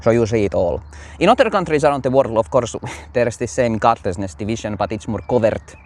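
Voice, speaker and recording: A man talks through religious commentary in a loose, rambling way, full of fillers and restarts. His pitch swings widely as he goes. It sounds like casual commentary, not a polished sermon. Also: fairly quick. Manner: rambling, animated, many fillers.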